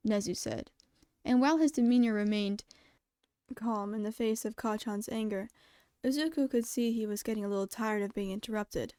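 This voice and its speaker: A woman reading fan fiction aloud as a podfic, with steady, clear storytelling narration. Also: medium pitch, normal speed, no room sound, studio quality. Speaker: podfic reader.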